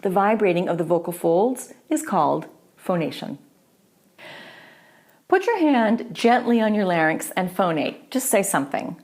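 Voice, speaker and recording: A woman teaching a voice lesson, explaining clearly and patiently. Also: mid-range voice, sing-song, measured pace, darkish tone. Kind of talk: instructional voice lesson.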